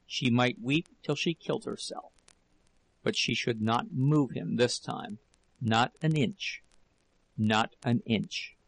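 Gravelly male audiobook narrator. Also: medium pitch, no echo, low-quality recording. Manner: steady, measured reading. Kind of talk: scripted narration.

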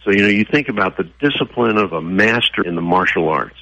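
Casting: very low, husky male guest on a dry, dull radio line, lively storyteller. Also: brisk, no echo. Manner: animated, acts out quoted voices. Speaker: guest, horse trainer. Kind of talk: storytelling interview answer.

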